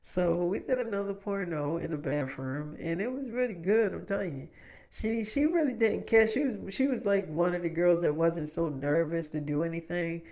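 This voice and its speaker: A man's voice: high voice, moderate pace, a little mellow. Rambling, swearing young man telling a story. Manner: rambling, profane, repeats himself. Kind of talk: casual storytime monologue.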